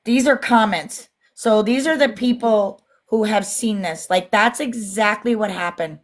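A woman's voice: medium pitch, a little slow. Woman reading comments aloud on a livestream. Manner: reads comments aloud, indignant. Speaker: livestream co-host. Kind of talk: casual live-stream chat.

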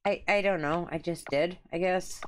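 A woman's voice: on the low side, fairly even intonation, moderate pace, a little hiss or hum. A woman streaming a cozy game, chatting playfully with her viewers and reading dialogue aloud. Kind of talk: casual let's-play chat.

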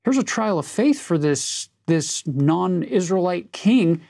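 A man's voice: sits high, lively intonation, slow pace, gravelly, darkish tone, dry recording, clean studio sound. A man co-hosting a conversational Bible lesson, earnest and reflective as he reads and explains scripture. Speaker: scripture study co-host.

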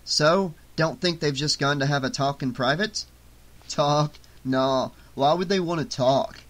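A man's voice: a little high, a little slow, a bit bright. A man voicing a crude, brash young guy in an audiobook. He talks bluntly and sarcastically, impatient with everyone around him. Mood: scoffing.

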